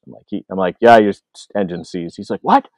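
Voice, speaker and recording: A Canadian filmmaker telling stories in a casual interview, acting out other people's lines, with lots of fillers. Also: male voice, sits low, a little fast, dry recording. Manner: animated, acts out quoted voices, many fillers. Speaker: filmmaker guest. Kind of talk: casual storytelling.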